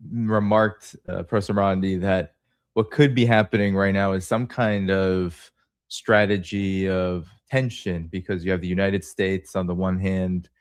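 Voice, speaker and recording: A man's voice: low voice, level tone, measured pace, clear, resonant tone, no echo, clean studio sound. A man hosting an interview, asking long, rambling questions full of fillers. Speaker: show host.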